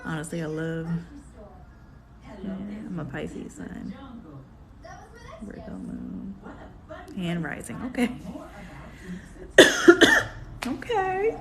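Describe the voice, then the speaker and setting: A young woman, hosting a casual astrology live stream in a sassy, animated way. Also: low-pitched, slow, vocal fry, long pauses, a crowd in the background. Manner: sassy, animated, calls viewers "baby".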